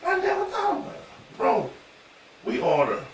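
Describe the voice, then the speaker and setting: A man's voice: extremely high pitch, wildly swooping pitch, moderate pace, creaky. A man co-hosting a casual podcast chat, blunt and joking, laughing through his own stories. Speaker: podcast co-host. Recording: echoey room, mic at a distance, faint noise.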